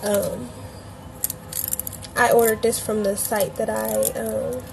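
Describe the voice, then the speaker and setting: A young woman from Cleveland who grew up in Atlanta, a bit hoarse, hosting a casual craft tutorial livestream and chatting loosely with her viewers. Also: a little high, level tone, takes it slowly, background noise. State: a bit hoarse, feels she is losing her voice.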